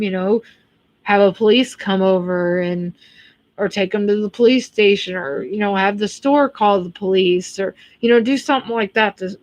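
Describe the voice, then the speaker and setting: Blunt American woman, casual livestream chat, mid-pitched voice, dry close sound. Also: dry recording. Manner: blunt, chatty, swears freely. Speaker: livestream host reading chat.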